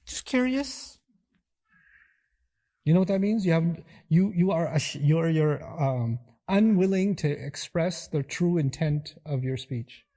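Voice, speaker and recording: A man gives a religious lesson as a preacher, earnest and emphatic, stacking up lists of qualities and acting out back-and-forth exchanges in shifting voices. His voice sits a little high but stays mellow and warm. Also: measured pace, hardly any pauses. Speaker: preacher and teacher.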